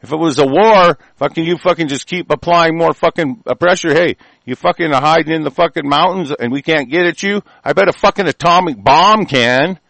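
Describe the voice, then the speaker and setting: A man delivering an angry, profane monologue, swinging between shouted bursts and low mutters. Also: a little fast, gravelly, few pauses, no echo.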